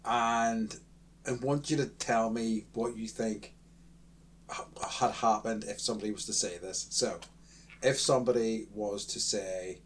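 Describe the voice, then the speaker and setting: A man's voice: on the low side, fairly even intonation, measured pace, slight background noise. An Irish man co-hosting a casual podcast chat, giving rambling explanations with a chuckle. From Ireland. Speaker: podcast co-host.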